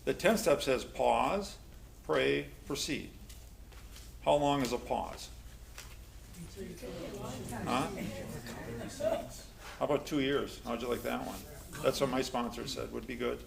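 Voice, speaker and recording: A man with a gravelly, slightly rough voice leads a recovery class. He talks casually, trading jokes and personal stories and putting questions to the group. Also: mid-range voice, takes it slowly, pauses often, crowd noise. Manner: joking, conversational storyteller who questions the group.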